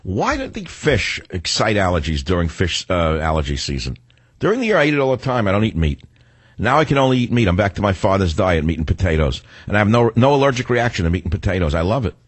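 A man's voice: low voice, big pitch swings, fast, breathy edge, no room sound. Combative older male talk radio host. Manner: combative, sarcastic, rambling asides. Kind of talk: opinionated talk radio monologue.

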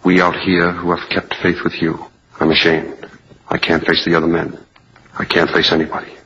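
A man's voice: sits low, level tone, normal speed, sharp tone, a little hiss or hum. An actor playing a young soldier son who is anguished and bitter at his father, in a 1940s film drama. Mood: grave. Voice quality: husky, impassioned. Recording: dull old film soundtrack.

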